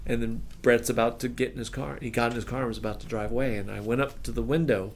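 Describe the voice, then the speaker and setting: A gravelly, mid-pitched man in his middle years tells a backstage story with plenty of energy. He drops into the voices of the people he's quoting, and his pitch leaps up whenever he quotes himself. The feel is a relaxed podcast chat. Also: fast talker, a little hiss or hum. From United States. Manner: acts out the people in his stories, voice jumping up for quoted lines. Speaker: drummer and interview guest. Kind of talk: animated storytelling in casual chat.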